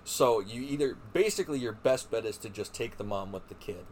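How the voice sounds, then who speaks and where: A man's voice: medium pitch, expressive, brisk, a little mellow. A man co-hosting a casual podcast in a laid-back way, chiming in with short replies. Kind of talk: casual chat.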